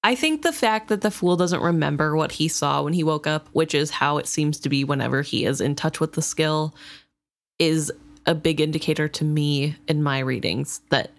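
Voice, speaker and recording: A woman co-hosting a casual book discussion, animated and often exasperated, hedging with "I don't know". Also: sits low, normal speed. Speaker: podcast co-host.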